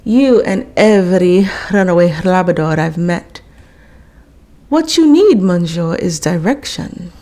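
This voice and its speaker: A woman's voice: on the low side, expressive, measured pace, mellow. A woman voicing a snooty, world-weary female show poodle with a faint French lilt, in a storybook reading. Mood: haughty.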